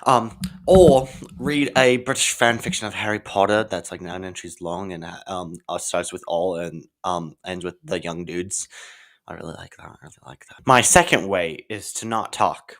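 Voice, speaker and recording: A man's voice: deep voice, fairly bright tone. Rambling man hosting a silly talk show. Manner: rambling, halting, full of ums and likes. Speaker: comedy talk show host. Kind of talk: silly sketch monologue.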